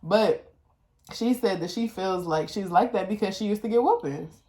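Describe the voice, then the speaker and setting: This podcast co-host has a dark tone and a moderate pace, with a Detroit accent. Casual and candid, she curses freely, laughs often, and does a high voice to imitate her child, recorded in an echoey room.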